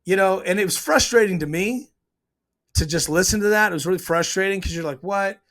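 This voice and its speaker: A man's voice: high voice, a little fast, a bit bright. A man giving a casual, opinionated breakdown of a TV scene, retelling it and acting out the lines as he goes. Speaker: TV show reviewer.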